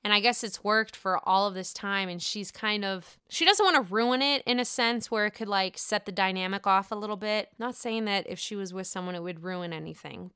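A young woman hosts a laid-back podcast, recapping a reality show in a gossipy, chatty style and swearing freely. Her mid-range voice is bright, forceful, clear and resonant, captured with clean studio sound and no echo.

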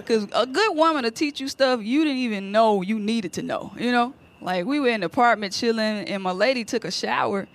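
A woman doing a stand-up comedy set, telling stories with slang and laughing often. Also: high voice. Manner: laughing, animated storytelling with slang.

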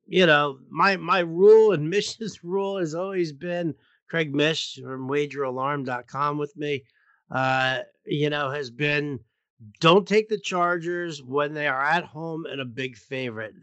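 A man's voice: a little high, sharp tone, no echo. A man hosting a casual sports betting talk show, talking loosely with frequent restarts. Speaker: sports betting podcast host.

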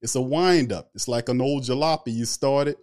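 A man's voice: medium pitch, a little fast, darkish tone. A man hosting a casual sports talk livestream, loose and chatty, greeting viewers in the chat by name. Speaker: sports talk show host.

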